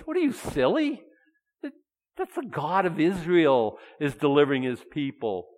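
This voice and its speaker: Animated male preacher in a reverberant hall. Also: high-pitched. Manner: animated, rhetorical questions, asides with chuckles. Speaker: pastor. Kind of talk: sermon. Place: church sanctuary.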